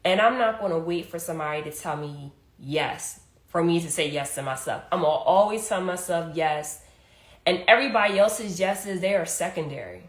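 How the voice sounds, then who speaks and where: A woman's voice: lowish voice, lively intonation, moderate pace. A young adult woman hosting a casual motivational talk, chatty and emphatic, full of "hey" and "like". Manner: conversational, repeats "hey" and "like", emphatic. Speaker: podcast host. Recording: roomy echo.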